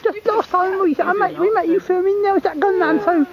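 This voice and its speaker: A woman's voice: very high-pitched, a little fast, lo-fi sound, a loud crowd. A woman chatting casually in a home video. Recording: noisy old home video.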